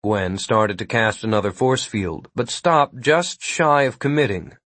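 Husky-voiced man narrating a story. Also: on the low side, expressive, measured pace, fairly bright tone, dry recording. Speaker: audiobook narrator. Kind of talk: scripted narration.

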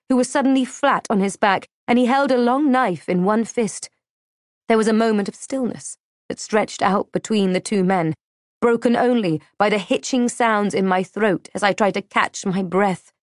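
A woman reading a first-person historical novel in a measured, dramatic way. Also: a little high, no room sound, clean studio sound. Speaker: audiobook narrator. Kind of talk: scripted first-person narration.

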